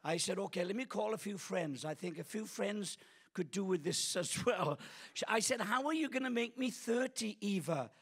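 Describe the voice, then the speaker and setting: A man's voice: high-pitched, lively intonation, moderate pace, breathy edge. A man in his sixties, a guest pastor preaching a sermon in a church auditorium on a stage microphone, telling stories with humor and self-deprecating jokes. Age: 60s.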